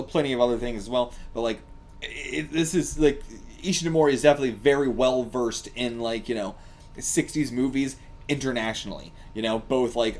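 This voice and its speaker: A man hosting a casual reaction commentary, excitable and laughing often, swearing freely and rambling with lots of fillers. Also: medium pitch. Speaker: reaction channel host.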